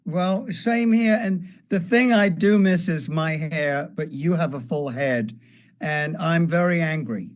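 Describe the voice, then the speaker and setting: A man's voice: fairly high pitch, slow pace. An older man, a guest guitarist, fondly reminiscing in a casual chat with light jokes.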